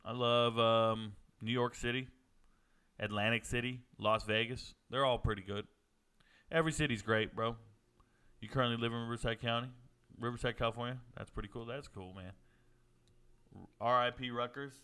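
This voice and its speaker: A man from Georgia hosting a live sports watch party, chatting and joking with viewers and reacting loudly to plays. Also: medium pitch, normal speed, long pauses, clear, resonant tone. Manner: joking banter with chat, excited outbursts. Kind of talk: casual live-stream commentary.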